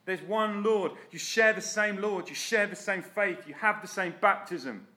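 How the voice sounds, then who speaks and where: A man's voice: sits high, unhurried, sharp tone. Earnest preacher man. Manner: earnest, direct, exhorting. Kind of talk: sermon.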